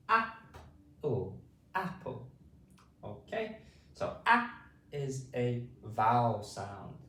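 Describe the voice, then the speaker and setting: A British man teaching phonics, repeating drawn-out vowel sounds slowly for beginners. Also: mid-range voice, a bit bright, reverberant, recorded from a distance, slight background noise. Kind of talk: slow spoken pronunciation lesson.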